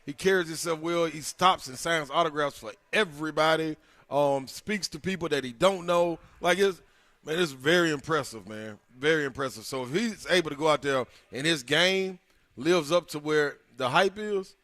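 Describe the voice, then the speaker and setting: A man's voice: fairly high pitch, normal speed, fairly bright tone, no room sound. A man co-hosting sports talk radio, casual and slangy, laughing often. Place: radio studio.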